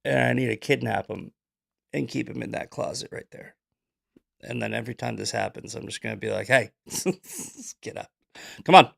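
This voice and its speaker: Male stream host, heavy vocal fry, mid pitch, loose jokey commentary. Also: fairly even intonation, brisk. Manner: loose, rambling, jokey asides while fixing tech. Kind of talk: casual live-stream commentary.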